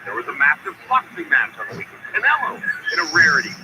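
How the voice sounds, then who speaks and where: Animated radio sports host man. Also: a little high, fast, very noisy. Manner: jokey, bantering, animated delivery. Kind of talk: morning sports radio banter.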